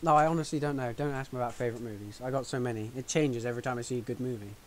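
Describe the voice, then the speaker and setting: A man's voice: mid-range voice, rapid-fire, slight background noise. A man co-hosting a casual podcast chat, full of teasing jokes and banter. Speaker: podcast co-host.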